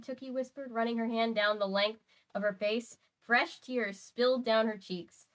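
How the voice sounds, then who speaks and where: Woman host, reading aloud, wry chatty asides, medium pitch. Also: a bit bright, rough recording. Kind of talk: reading a novel aloud with commentary.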